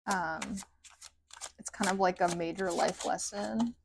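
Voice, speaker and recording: Over background noise, a woman with a lowish, creaky voice gives a slow, casual tarot reading. She chats and rambles, saying "like" a lot, her sentences trailing off in a sing-song way.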